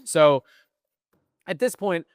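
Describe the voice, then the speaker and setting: A young man in casual podcast chat, telling a story with plenty of swearing and animation. His voice comes through smooth and resonant. The room sounds dead and dry around him. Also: fairly high pitch, animated, takes it slowly, no echo. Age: young adult. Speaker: podcast co-host.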